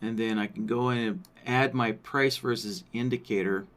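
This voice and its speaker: A man presenting a live software workshop, walking through settings on screen while thinking aloud and checking in with listeners. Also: fairly low pitch, fairly even intonation, normal speed. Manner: thinks aloud, frequent "right?" check-ins.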